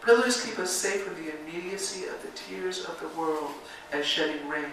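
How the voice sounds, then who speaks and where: A woman's voice: lowish voice, normal speed, a bit bright. A woman minister delivers a reflective sermon and guides a call-and-response meditation. Her voice rings through a very echoey sanctuary, picked up from a distance with a faint background hiss. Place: church sanctuary. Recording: very echoey sanctuary, mic far off.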